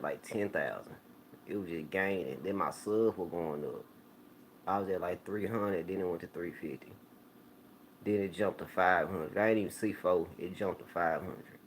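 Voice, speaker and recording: Laid-back deep-voiced man rambling to camera. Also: slight background noise. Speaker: YouTube channel host. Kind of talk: casual talk to viewers.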